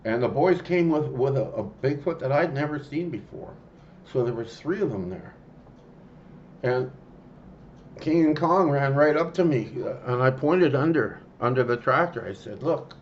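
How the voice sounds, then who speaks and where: Man, casual storyteller, mid-pitched voice, halting and rambling, faint background hiss. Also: expressive, muffled recording. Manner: rambling, halting, with many restarts and fillers.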